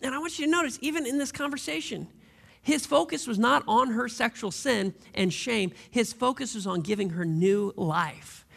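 A man's voice: extremely high pitch, moderate pace, gravelly, fairly bright tone. A man preaching a sermon as a pastor, telling stories in a conversational way and asking the congregation rhetorical questions.

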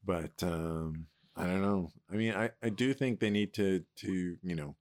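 A male podcast co-host with a fairly low voice, speaking in casual chat. He talks hesitantly, pausing and restarting his sentences often. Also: a little mellow, no echo, studio quality. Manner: hesitant, many fillers and restarts.

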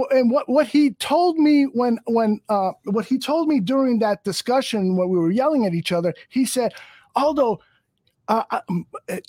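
This podcast host has a high, slightly mellow voice, recorded with no echo. He launches into a heated rant, angry and profane, rambling and restarting again and again.

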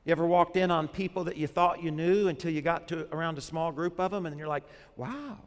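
A man's voice: on the high side, little pitch movement, quick pace, in a large hall. A man, a pastor, preaching a sermon in a conversational way, often putting questions to the congregation.

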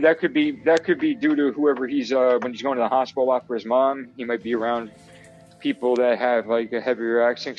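Apresentador com sotaque de Nova Jersey, fala solta e arrastada, cheia de hesitações, com música leve ao fundo. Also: male voice, mid-range voice, low-quality recording. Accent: New Jersey. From New Jersey. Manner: rambling, filler-heavy, easygoing. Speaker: podcast host. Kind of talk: casual chat.

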